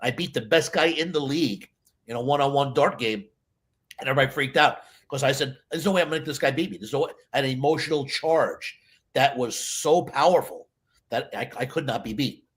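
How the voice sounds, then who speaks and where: A man, a stage hypnotist, chatting in a casual interview and telling lively stories, acting out other people's voices. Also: medium pitch, brisk. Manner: animated storyteller, acts out voices.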